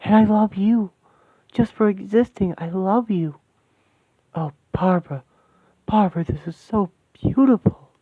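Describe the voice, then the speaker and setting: A man's voice: medium pitch, unhurried, no room sound, natural voice. A man voicing a young woman mystic in a fan radio play, talking in breathless wonder and explaining mystic symbols. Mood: rapturous. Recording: tinny dry lo-fi sound.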